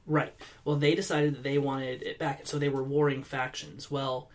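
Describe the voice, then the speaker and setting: A man in casual chat, telling stories in an animated way and laughing easily. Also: mid-range voice, moderate pace.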